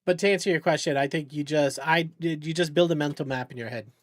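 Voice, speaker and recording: A man's voice: fairly high pitch, quick pace. A man live-streaming a game, chatting casually and rambling, swearing when the game frustrates him. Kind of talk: casual live-stream chat while gaming.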